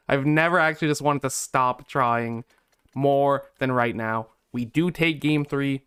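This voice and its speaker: A man's voice: mid-range voice, measured pace, a bit bright, clear, resonant tone. Exasperated young man commenting on gameplay. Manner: exasperated, swings from hopeful to deflated. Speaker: gaming YouTuber.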